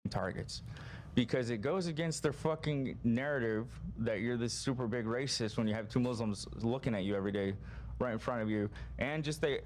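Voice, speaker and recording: A man's voice: mid-range voice, moderate pace. Earnest, hesitant man with faint background hiss. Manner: earnest, profane, hesitant, frequent ums. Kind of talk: emotional podcast statement.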